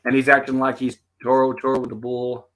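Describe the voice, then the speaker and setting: A man's voice: medium pitch, monotone, brisk, a bit bright. A man hosting a casual show, retelling scenes and quoting the characters' lines. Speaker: host. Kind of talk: casual episode commentary.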